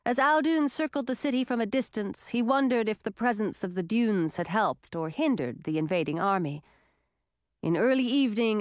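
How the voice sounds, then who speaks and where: A woman's voice: medium pitch, dry recording. Woman narrating an audiobook, dry close sound. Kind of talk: scripted narration.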